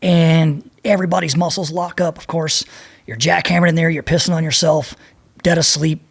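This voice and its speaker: In his fifties, this former Navy SEAL sits in as a podcast guest, telling meandering, profanity-laced war stories casually. His husky voice is on the high side with vocal fry, fairly even intonation, and a moderate pace.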